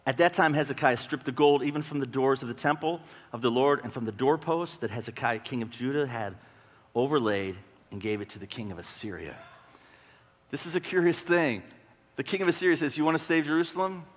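A man's voice: medium pitch, animated, fairly quick, long reverb tail. A male pastor preaching a sermon, retelling scripture conversationally with rhetorical questions and bursts of drama.

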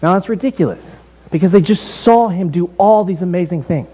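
A man preaching a sermon as pastor in a relaxed, conversational way, telling the story with lively asides. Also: high voice, brisk, husky, low-quality recording. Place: church building.

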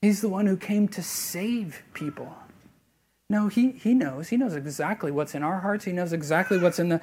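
A man preaching a sermon as pastor, earnest and conversational, rising to loud emphasis and then dropping to a hushed near-whisper. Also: high-pitched, normal speed, slight background noise. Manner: conversational, with fillers and restarts.

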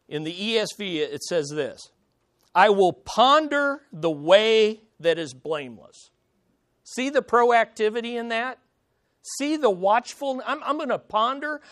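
A man pastor preaching a sermon, asking rhetorical questions and pausing for emphasis. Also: high voice, fairly bright tone, no room sound, clean studio sound.

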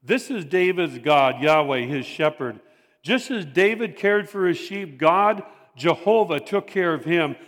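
A man delivering a sermon as a pastor, in a measured, emphatic manner, often repeating his phrases for weight. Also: fairly high pitch, expressive, a bit bright, in a large hall. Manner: measured, emphatic preaching with repetition.

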